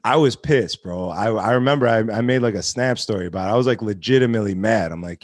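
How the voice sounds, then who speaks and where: A man's voice: lowish voice, fast talker, few pauses, no echo, studio quality. A man hosting a casual podcast, telling club stories in a blunt, profane way.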